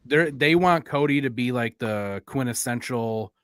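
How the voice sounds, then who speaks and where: A man co-hosting a wrestling podcast, calmly explaining his analysis. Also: medium pitch, clear, resonant tone, no echo, studio quality. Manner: measured, explanatory. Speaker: podcast co-host.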